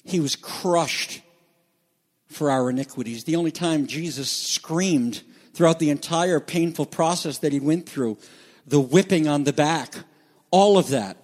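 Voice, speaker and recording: A man preaching a sermon, with dramatic swings from loud declarations to hushed, quiet lines. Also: high-pitched. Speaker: pastor. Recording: echoey hall reverb.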